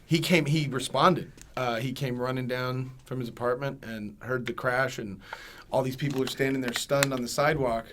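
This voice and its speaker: A man hosting a podcast who tells a personal story in casual chat and gets loud when he acts out other people. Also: mid-range voice, fairly even intonation, moderate pace, slight background noise. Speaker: podcast host.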